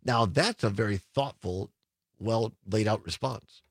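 A man hosting a radio talk show in casual, upbeat chat, laughing easily and slowing down for phone numbers. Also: on the low side, no room sound.

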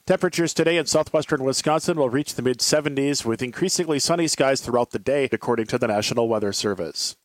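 A man anchoring a local radio newscast in a steady, measured read. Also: medium pitch, dry recording.

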